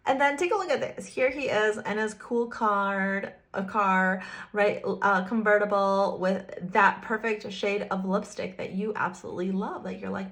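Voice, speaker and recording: A woman with a fairly bright, mid-range voice and a moderate pace does a casual tarot reading. Chatty and playful, she teases the viewer she addresses directly and giggles frequently.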